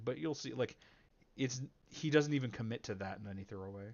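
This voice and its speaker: A man's voice: mid-range voice, brisk, muffled recording. A man hosting a debate reaction video in casual commentary, rambling with many fillers and self-corrections. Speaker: reaction channel host.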